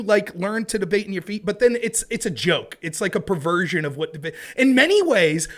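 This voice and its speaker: Animated, fast-talking man telling stories. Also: sits high. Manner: fast, energetic storytelling with lots of asides. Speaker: interview guest, debate show host. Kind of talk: casual conversational interview.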